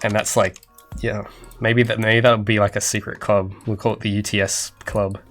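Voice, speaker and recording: A young Australian indie game developer, whose accent often gets mistaken for Canadian, livestreams himself coding and rambles casually to chat with self-mocking jokes and asides. His voice is lowish and a bit bright, with little pitch movement and a moderate pace. Soft music plays in the background.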